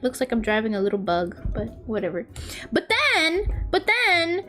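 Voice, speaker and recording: A young woman streamer with a high, bouncy voice that swoops up and down as she tells rambling, self-mocking stories. She chats casually while drawing, and faint music plays behind her. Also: huge pitch swings, moderate pace, bright, forceful tone.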